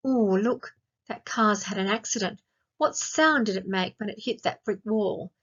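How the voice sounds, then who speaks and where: A woman teacher with an Australian accent, giving a recorded grammar lesson to young children and asking slow, clear, sing-song questions. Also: mid-range voice, fairly bright tone, muffled recording. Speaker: primary school teacher.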